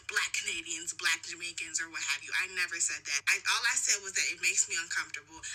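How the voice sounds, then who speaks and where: A woman's voice: mid-range voice, pushed and bright, breathy edge, rough recording. A woman from the United States, a content creator, talking to camera with indignant, emphatic rhetorical questions. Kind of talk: casual commentary to camera.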